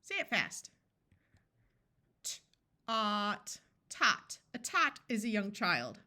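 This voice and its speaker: A woman with an American accent teaching a phonics lesson, slowly sounding out letters and blending them into short words for young readers. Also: medium pitch, huge pitch swings, bright, forceful tone. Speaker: reading tutor.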